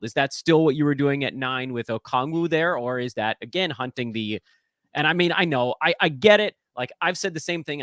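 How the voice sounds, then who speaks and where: A man's voice: mid-range voice, no echo. A male host of a casual sports podcast, with a voice that rises and falls a lot. He asks long questions and jokes about his own slip-ups. His sound is dry and close. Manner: lively, joking, self-deprecating.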